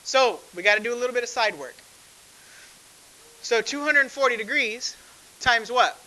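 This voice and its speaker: A man's voice: very high voice, animated, normal speed, sharp tone, rough recording. A man teaching a math class, talking conversationally and asking the class frequent questions. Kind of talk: classroom lecture.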